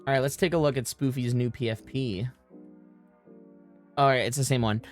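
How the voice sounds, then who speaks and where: A woman's voice: a bass voice, steady tone, normal speed. A woman hosting a casual game livestream, joking and swearing freely as she runs community games. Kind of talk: casual game-stream chat. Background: faint music.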